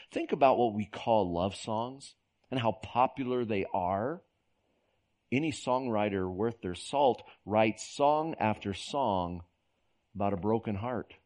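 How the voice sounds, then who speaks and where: A man's voice: lowish voice, a little mellow. Folksy middle-aged male pastor. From Oklahoma. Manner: folksy storytelling, repeats words as he goes. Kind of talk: sermon.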